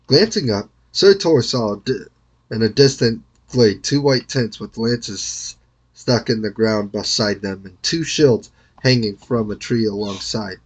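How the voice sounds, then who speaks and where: An older man reading a storybook aloud in a measured, careful way. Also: on the low side, husky. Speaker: reader.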